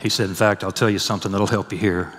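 Low-voiced man preaching in a reverberant hall. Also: steady tone, quick pace. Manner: swells loud and high for scripture, drops soft and low for a personal story. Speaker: pastor. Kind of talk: sermon.

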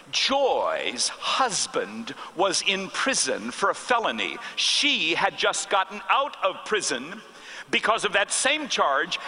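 A man delivers a sermon as a pastor, telling a story in a chatty, anecdotal way. His voice sits high and sounds very bright. It carries through an echoey hall. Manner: conversational, anecdotal, with self-corrections.

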